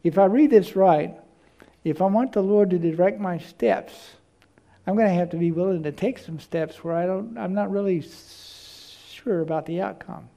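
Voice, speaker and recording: A man's voice: sits high, moderate pace, vocal fry, warm tone. A man preaching a sermon, telling stories and often repeating words as he searches for the next one.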